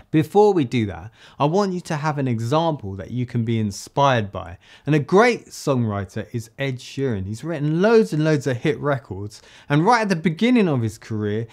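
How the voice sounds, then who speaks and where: A man from the UK teaching a songwriting tutorial, explaining step by step and reading lines slowly in rhythm. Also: mid-range voice. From United Kingdom. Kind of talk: friendly tutorial.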